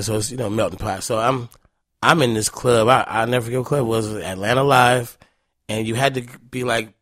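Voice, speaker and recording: Gravelly man telling loose street stories. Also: medium pitch, fairly bright tone, no room sound, studio quality. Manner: loose, profane, laughing anecdotes. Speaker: guest. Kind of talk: casual storytelling.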